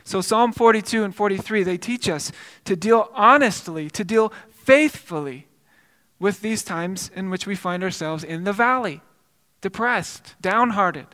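A man's voice: high-pitched, measured pace, pushed and bright, in a large hall. A male pastor preaching a sermon, telling a story earnestly with frequent repeated words and restarts.

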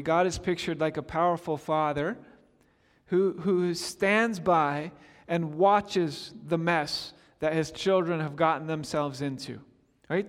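A man preaching a sermon as pastor, expressive, swinging from loud to hushed. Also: fairly high pitch, big-room sound.

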